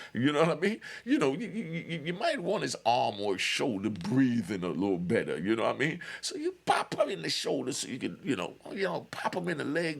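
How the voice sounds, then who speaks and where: A man hosting his own show, casually telling a long prison story in an animated, digressive way and laughing often. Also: mid-range voice, creaky, husky.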